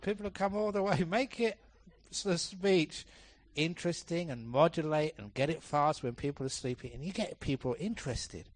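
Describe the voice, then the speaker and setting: Monk giving a lively dharma talk, slightly high voice, close dry sound, animated storyteller. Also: male voice, dry recording. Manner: lively storytelling, changes pitch and pace to act out examples, laughs often. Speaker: Buddhist monk teaching a retreat. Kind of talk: dharma talk to a retreat audience. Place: temple hall, live talk.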